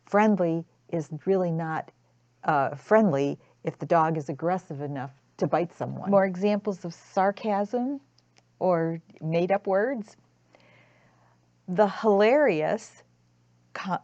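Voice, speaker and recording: A woman's voice: on the low side, a little mellow, no echo. A woman tutor explaining a grammar lesson in a careful way, with frequent restarts. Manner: slow, careful, with repeated restarts. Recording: dull lo-fi dry recording.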